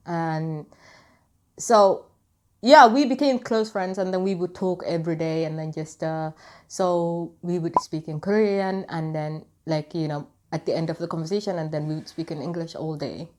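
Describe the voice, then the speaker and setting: A woman's voice: sits low, moderate pace, a little mellow. Chatty young woman vlogger rambling along. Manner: rambling and chatty, full of "like" and "anywho". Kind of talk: casual storytelling to camera.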